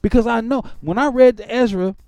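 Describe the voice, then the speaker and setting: A man preaches in a high, urgent voice that swings from quiet, reflective stretches to angry, heated bursts. The sound is dry and close, with no room echo. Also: brisk, faint music behind. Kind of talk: impassioned sermon-like testimony.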